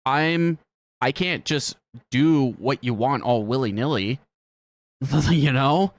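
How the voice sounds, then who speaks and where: A male streamer rants through a casual reaction stream, profane and quick to laugh. His voice swings widely up and down. The sound is dry and close to the mic. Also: mid-range voice, animated, no echo. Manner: profane, ranting, laughs often. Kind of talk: casual live-stream commentary.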